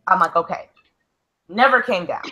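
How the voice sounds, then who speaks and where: A woman's voice: fairly low pitch, normal speed, pushed and bright, poor audio. A young woman co-hosting a casual chat show, telling a long story and saying "like" constantly. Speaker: co-host.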